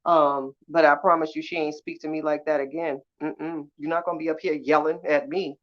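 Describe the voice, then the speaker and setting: A woman's voice: low voice, flat delivery, fairly quick, few pauses. A woman hosting a casual live chat with viewers, sassy and blunt, cursing freely and laughing often. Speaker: live-stream host. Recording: slightly dull lo-fi sound.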